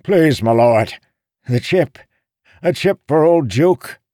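A man voicing eager, lisping old male street beggars who plead for coins in a strained, high voice. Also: lively intonation, takes it slowly, mellow, no echo, clean studio sound. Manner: pleading, greedy, high-pitched and frantic.

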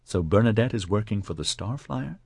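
A man's voice: lowish voice, animated, normal speed, creaky, a little mellow, no room sound, studio quality, voice pushed up. A man playing a harried, terse male police chief.

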